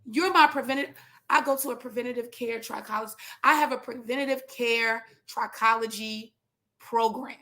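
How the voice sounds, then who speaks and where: A woman in her thirties talks casually to fellow trichologists, her voice sitting a touch high. She is animated and slangy, wanders off into jokes and asides, then comes back to her point. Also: normal speed. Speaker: trichologist giving business advice. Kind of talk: casual educational talk.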